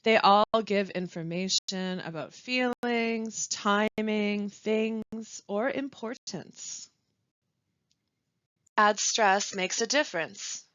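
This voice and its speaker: A woman instructor reads a pronunciation lesson, stressing words carefully and pausing between phrases. Her voice sits at a middle pitch and sounds a little dull and muffled. The recording is dry, with no room sound. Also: fairly bright tone, dry recording. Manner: slow, carefully stressed reading of example sentences. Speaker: language support instructor.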